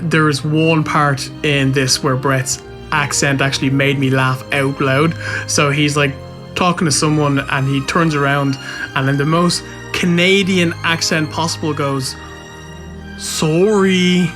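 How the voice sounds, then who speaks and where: A man's voice: a little high, steady tone, measured pace, over music. A man co-hosting a casual review podcast, laughing through loose, sweary banter. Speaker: podcast co-host.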